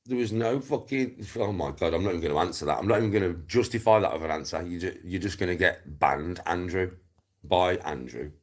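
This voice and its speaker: Black country bloke ranting on stream, low husky voice, swears a lot and keeps repeating himself. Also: male voice, a little fast. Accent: Black Country English. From England. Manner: sweary, scornful, repetitive. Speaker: livestreamer. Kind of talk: angry livestream rant.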